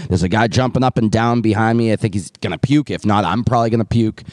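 A man's voice: lowish voice, fast, a little mellow, no echo. A man co-hosting a podcast, chatting casually with dry quips and some swearing. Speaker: podcast co-host.

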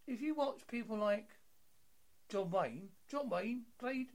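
A man's voice: sits high, animated, takes it slowly. A British man hosting an interview, chatting in a jokey, easygoing way with frequent stammered restarts. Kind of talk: casual interview chat.

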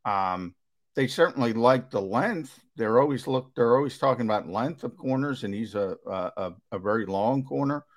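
A man co-hosting sports talk radio, measured and explanatory as he lays out his view for listeners. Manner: measured, explanatory, with fillers and restarts, lively pitch.

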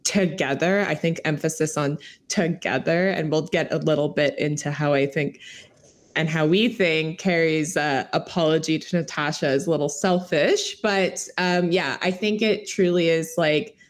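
A young woman co-hosting a podcast, rambling casually with halting restarts and giggles. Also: low voice, fairly even intonation. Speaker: podcast co-host.

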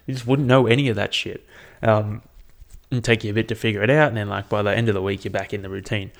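A man's voice: fairly low pitch, fairly even intonation, fast, gravelly. A young Australian man hosting a solo podcast, telling rambling stories and swearing constantly. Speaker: podcast host. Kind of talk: casual solo podcast monologue.

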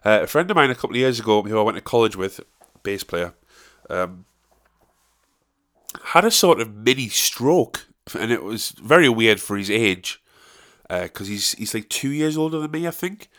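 Animated Northern English man ranting. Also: lowish voice, moderate pace. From North of England. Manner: animated, sweary, ranting with repeated restarts. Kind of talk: casual monologue.

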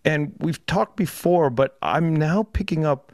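A man's voice: a little high, measured pace, a little mellow, no room sound, studio quality. A man hosting an interview over a video call, asking curious questions in a conversational way and often repeating words as he starts. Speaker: podcast host.

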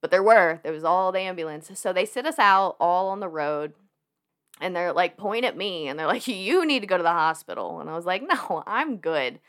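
Her voice is on the low side, and she talks at a moderate pace. As a podcast guest, this young woman casually recounts a personal story, animated and laughing frequently, her speech full of fillers.

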